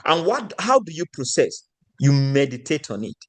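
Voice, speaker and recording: A man with a fairly high voice teaches a room of listeners. He speaks in a motivational lecturing style and keeps checking in with them through rhetorical questions. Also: sing-song, normal speed. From Nigeria. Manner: asks the audience rhetorical questions.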